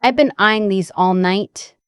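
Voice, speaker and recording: A woman doing a gentle, tearful young woman. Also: mid-range voice, unhurried, clean tone, dry recording, clean studio sound, close to an everyday voice. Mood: tender. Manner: gentle, emotional, confiding. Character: young woman, soft-spoken, grateful and tender.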